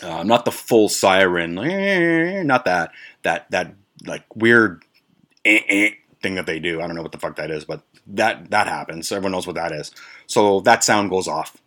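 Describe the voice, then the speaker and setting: Deep-voiced man telling a profane story. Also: normal speed, fairly bright tone. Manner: profane, rambling, with many fillers and restarts. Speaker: podcast host. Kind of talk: casual storytelling rant.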